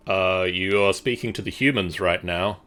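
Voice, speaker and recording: A man narrating as game master in a tabletop game, slow and hesitant with many pauses. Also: low voice, very noisy.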